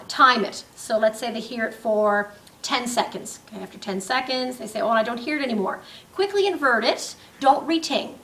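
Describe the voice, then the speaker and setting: A woman's voice: fairly high pitch, fairly bright tone. Woman demonstrating a clinical exam. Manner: explanatory, step-by-step, with frequent ums. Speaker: nursing instructor. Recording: roomy, distant mic with faint ambience.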